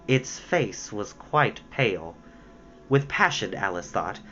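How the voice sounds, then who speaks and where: A woman's voice: rumbling low, expressive, takes it slowly, a bit bright. A woman reading a children's book aloud expressively, with casual asides. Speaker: storyteller. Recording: dull lo-fi with faint hiss.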